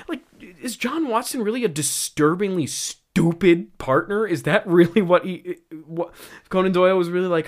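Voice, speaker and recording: A man's voice: high voice, big pitch swings, moderate pace. A man hosting a comedy show, stammering and laughing as he reads and mocks his own old script. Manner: incredulous, laughing, stammering restarts. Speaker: host.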